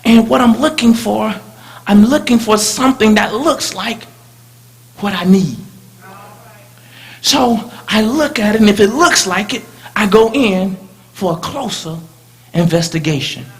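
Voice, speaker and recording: A male preacher delivering a sermon in a dramatic way, swinging from loud lines to hushed ones as he tells a story in the first person. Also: high-pitched, unhurried, pauses often.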